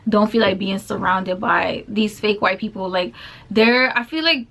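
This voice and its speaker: A woman's voice: medium pitch, steady tone, measured pace, gravelly, fairly bright tone. A young woman vlogger casually retelling a personal story, full of filler words and quoted back-and-forth exchanges. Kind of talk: storytime vlog.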